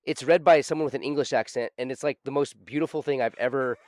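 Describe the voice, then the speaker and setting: A man hosting a casual podcast discussion, thoughtful and halting, with many fillers. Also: mid-range voice, darkish tone, dry recording.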